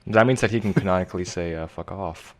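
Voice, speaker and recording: A man with a fairly low voice chatting casually on a podcast. He is laid-back and teasing. He stammers and restarts his sentences often. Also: racing, heavy background noise. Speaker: podcast co-host and editor. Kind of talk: casual group chat.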